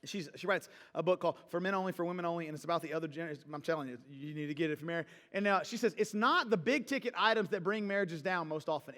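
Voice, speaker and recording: A man's voice: high voice, lively intonation, fast, bright, forceful tone, long reverb tail. A man preaching a sermon as pastor, talking casually and joking with the congregation. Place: church hall.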